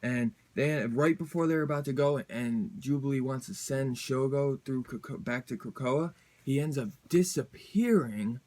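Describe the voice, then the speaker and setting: Man, comic reviewer, casual rant, rambling, fillers, slang, middle pitch. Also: moderate pace, a little mellow.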